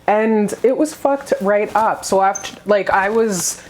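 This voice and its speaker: A woman's voice: medium pitch, slow pace, darkish tone, slight background noise. A young adult woman talking candidly to her viewers in a confessional vlog, blunt and swearing freely. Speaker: vlogger.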